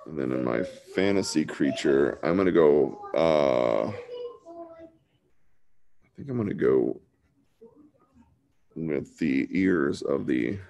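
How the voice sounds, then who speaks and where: A man's voice: a bass voice, lively intonation, slow, vocal fry, pauses often, warm tone. A man teaching a casual live online drawing lesson, laid-back and chatty, talking like a buddy. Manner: laid-back and chatty, says dude a lot. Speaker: drawing instructor.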